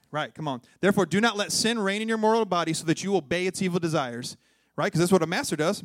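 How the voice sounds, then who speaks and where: A man, a pastor preaching a sermon with call-and-response, moving between loud exhortation and hushed tones. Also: high-pitched, fast, no echo, studio quality. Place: church.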